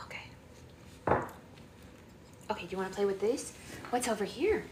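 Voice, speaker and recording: A young adult woman reading aloud on a live book club stream, gentle and soothing, at home. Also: mid-range voice, expressive, fast talker. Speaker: livestream book club reader. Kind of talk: live read-aloud and chat. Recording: roomy echo with faint hum.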